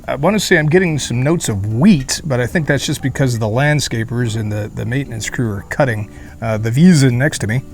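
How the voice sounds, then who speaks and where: Man, casual beer review vlog, outdoor beer garden, rambling and jokey, middle pitch, sweating in the heat. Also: fairly quick, soft background music. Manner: chatty, rambling, jokey asides with fillers. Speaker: beer reviewer, channel host.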